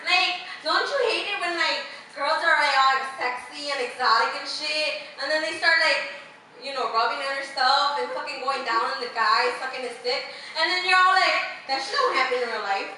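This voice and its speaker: A bright, high-voiced young woman doing loose, giggly stand-up, full of "like" and swearing. She sounds distant from the mic in an echoey room, with faint noise behind her. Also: moderate pace. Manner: rambling, giggly, profane, lots of "like". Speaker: open mic comedian. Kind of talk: improvised stand-up comedy. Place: small open mic venue.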